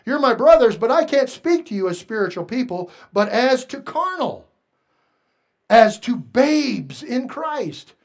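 A man preaching a sermon as pastor, earnest and plain-spoken, moving between hushed confession and loud exhortation. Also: very high-pitched, very animated, unhurried, creaky.

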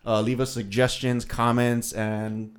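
A man's voice: mid-range voice, normal speed, a bit bright. A young man co-hosting a podcast, signing off in a wry, joking, laid-back way. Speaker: podcast co-host. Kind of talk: casual chat, sign-off.

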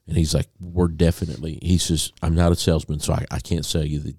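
A man co-hosting a podcast, telling a long story in a casual, animated way and acting out a phone call. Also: very deep voice, fast talker, slightly rough, dry recording, studio quality. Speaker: podcast co-host.

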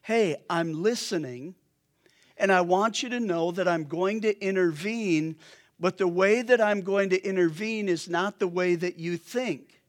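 God figure in a sermon retelling, matter-of-fact and calm, voiced by a man with a high-set voice. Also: unhurried. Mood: reassuring. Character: God speaking calmly to a troubled prophet.

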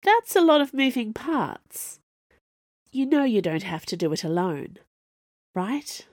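Woman reading a calm, knowing ex-assassin woman. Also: a little high, slow, no echo, clean studio sound, voice pushed up, exaggerated voice. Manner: gentle, knowing.

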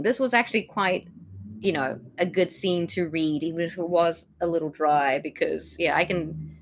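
A woman co-hosting a podcast, chatting about a classic comedy in an animated, blunt way with casual swearing. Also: lowish voice. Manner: animated, swearing, mock-exasperated. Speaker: podcast co-host. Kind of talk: casual discussion of a classic play.

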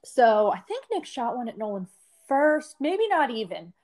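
A woman's voice: fairly high pitch, sing-song, unhurried, a little mellow. A woman co-hosting a podcast, telling a rambling story in casual chat, full of "like" fillers. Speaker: podcast co-host.

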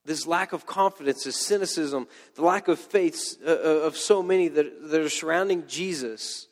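A man's voice: on the high side, normal speed, long reverb tail. A man preaching a sermon in a conversational way, with joking asides and playful quoted voices. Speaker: pastor.

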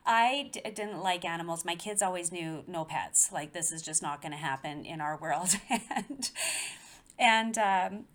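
A woman's voice: fairly low pitch, measured pace, fairly bright tone. A woman in her forties, talking casually and telling a personal story with animation and frequent laughs. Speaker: guest. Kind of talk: casual conversation.

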